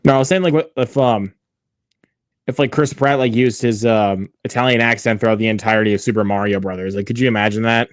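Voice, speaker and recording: A man's voice: fairly low pitch, quick pace, no echo. Guy hosting a movie watch-along, rambly, lots of ums, dead dry room. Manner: rambling, many fillers and restarts.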